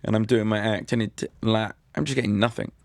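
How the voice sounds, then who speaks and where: British male comedian guest, gravelly voice, dry close sound, deadpan storyteller. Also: on the low side, a little fast, no room sound. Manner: dry, self-deprecating storyteller. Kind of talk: casual anecdote telling.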